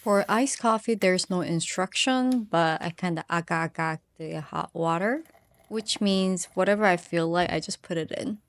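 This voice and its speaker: A woman's voice: fairly low pitch, moderate pace. A woman cooking at home and chatting playfully, dropping in bits of Malaysian slang as she talks. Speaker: home cook. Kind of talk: casual cooking vlog chat.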